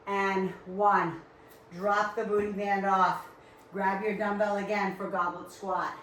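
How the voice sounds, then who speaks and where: A woman's voice: medium pitch, flat delivery, slow, a bit bright. A woman with a Rhode Island accent coaching a live workout class, upbeat and encouraging as she counts reps. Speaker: fitness instructor. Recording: very echoey room, far from mic.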